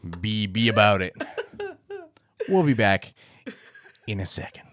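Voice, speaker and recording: A man's voice: fairly low pitch, expressive, unhurried, fairly bright tone, a little hiss or hum. A man co-hosting a podcast in casual chat, venting bluntly and swearing as he talks. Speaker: podcast co-host.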